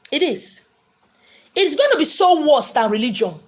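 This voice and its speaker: A woman's voice: high-pitched, sing-song, moderate pace. A woman hosting a spiritual livestream and answering viewer questions, talking emphatically and repeating phrases to drive her points home. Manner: emphatic, preachy, repeats lines for stress. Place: indoors, live streaming.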